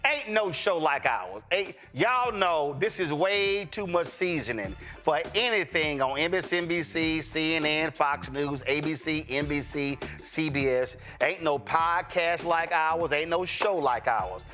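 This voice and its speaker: A man's voice: a little high, lively intonation, measured pace, few pauses, pushed and bright, soft background music. A man hosting a talk show, blunt and joking, talking slang and cussing straight to his viewers. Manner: speaks straight to viewers, appeals for support. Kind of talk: unscripted show banter and storytelling.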